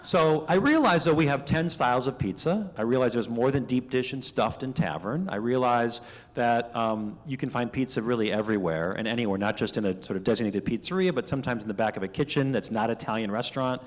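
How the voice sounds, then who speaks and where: A middle-aged man from Minnesota giving a conversational keynote speech, telling stories with lively asides. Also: mid-range voice, brisk. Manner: chatty, animated storytelling with asides. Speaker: keynote speaker. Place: banquet hall. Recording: reverberant banquet hall.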